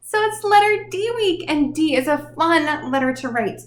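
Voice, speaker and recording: A woman teaching young children in a lively, sing-song manner, encouraging them and talking straight to them. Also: sits high, moderate pace, roomy sound, background noise. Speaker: preschool teacher. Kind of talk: children's lesson.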